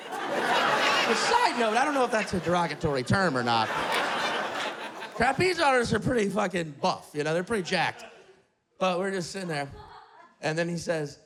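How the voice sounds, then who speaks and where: A man doing a profane, animated stand-up set in an apartment. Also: high voice, moderate pace, pauses often. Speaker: stand-up comedian. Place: apartment with live audience. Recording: live apartment crowd. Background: small audience laughing.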